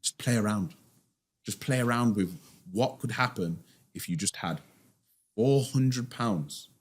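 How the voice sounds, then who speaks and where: A man's voice: fairly low pitch, measured pace. A man, a finance guest in a casual podcast interview, talking emphatically and firing off rhetorical questions in a slangy way.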